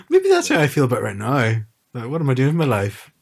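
A man in his thirties in casual podcast chat, hesitant and expressive. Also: medium pitch, vocal fry, slightly rough. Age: 30s. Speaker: podcast co-host.

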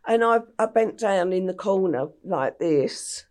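A woman's voice: fairly low pitch, lively intonation, a little slow, darkish tone. An older English woman, an interview guest, telling her story vividly and acting out the voices she quotes. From England.

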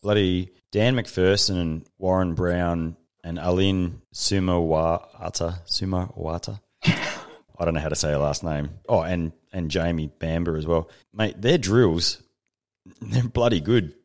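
A man's voice: deep voice, measured pace. A man hosting a podcast, chatting in a laid-back, blokey way. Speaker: podcast host. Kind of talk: casual interview chat.

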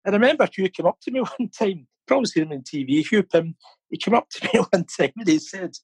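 A man's voice: high voice, animated, fast, darkish tone, husky, no room sound, low-quality recording. A middle-aged man, telling stories as an interview guest, laughing often and repeating words as he thinks. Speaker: interview guest, fan campaigner. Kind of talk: casual storytelling interview. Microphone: phone or video call.

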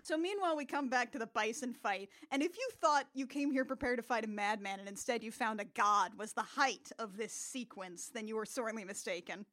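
A woman hosting a casual comedic podcast, recapping a film as an animated storyteller who laughs often. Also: a little high, fairly quick, hardly any pauses.

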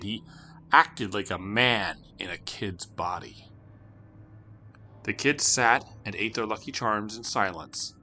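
A man's voice: lowish voice, a bit bright, slight background noise. A man narrating a spooky children's story with dramatic, shifting delivery.

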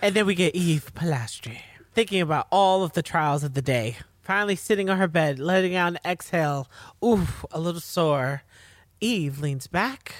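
A woman co-hosting a podcast, calmly narrating a show's scenes and chiming in with agreement. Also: on the low side, moderate pace, no room sound. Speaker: podcast co-host. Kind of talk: casual recap chat.

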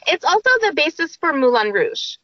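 A woman's voice: high voice, very animated, normal speed, pushed and bright, no room sound, highs cut off. A woman in a casual book club chat, gushing with enthusiasm.

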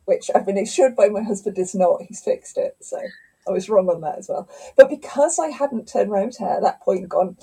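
A middle-aged woman, a scientist and author, telling stories in a lively conversational interview. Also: mid-range voice, a little fast, gravelly, slightly rough, rough recording. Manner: animated storyteller, acts out quotes.

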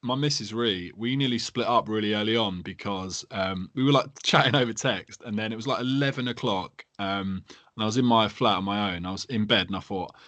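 Sweary laddish bloke hosting. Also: male voice, on the low side, a little fast, fairly bright tone, no echo. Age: 30s. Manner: laddish, sweary, laughing storyteller. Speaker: podcast host. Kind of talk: casual podcast banter.

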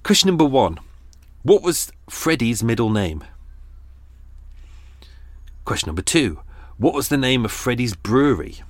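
Speaking in a sing-song, medium-pitched voice, a little slowly and with frequent pauses, a man hosts a podcast from a London narrowboat. His unscripted, casual monologue is rambling, sweary and self-mocking, with no echo.

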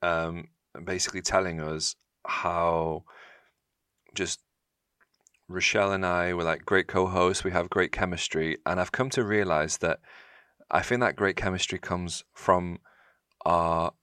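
Low-voiced playful podcast host. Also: male voice, fairly even intonation, measured pace, fairly bright tone, smooth, no room sound, studio quality. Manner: playful, teasing interviewer. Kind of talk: casual podcast chat.

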